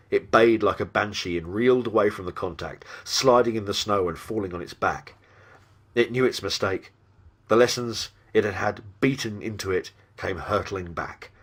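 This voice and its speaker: A man narrating a horror tale in a dramatic audiobook reading. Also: low-pitched. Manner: animated storytelling.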